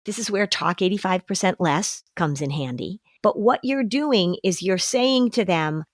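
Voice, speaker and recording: A woman hosting a podcast for parents, talking in an animated, conversational way and slipping into little voices for parents and kids. Her voice sits at a middle pitch. The recording is dry and close, with no room sound. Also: normal speed, no echo. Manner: animated, acts out parent and child voices in quotes. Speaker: podcast host and anxiety expert advising parents. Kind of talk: casual podcast chat.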